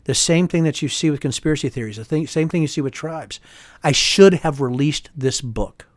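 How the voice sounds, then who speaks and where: Speaking at normal speed in a fairly high voice, a middle-aged congressman and author gives an animated interview. He's emphatic and heated, quotes others in their voices, and sprinkles "right?" throughout; the studio-quality recording has no echo.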